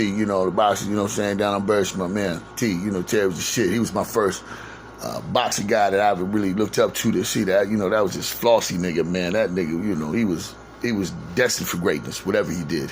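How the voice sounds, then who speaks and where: A man's voice: on the low side, gravelly, a little hiss or hum. A man casually recounting his youth in the neighborhood, slangy and profane, rambling with lots of "you know what I'm saying.". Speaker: storyteller recalling his neighborhood. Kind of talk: casual spoken memoir.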